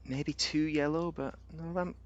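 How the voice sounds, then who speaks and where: A man's voice: a little high, fairly even intonation, a little slow, dull audio. A man giving rambling, casual commentary on a game, thinking aloud with fillers and restarts. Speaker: game reviewer.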